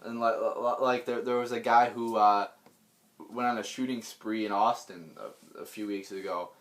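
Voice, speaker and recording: A man's voice: lowish voice, fairly even intonation, moderate pace, fairly bright tone. A man delivering an unscripted political rant, blunt and profane, rambling with many restarts and repeated words. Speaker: political vlogger.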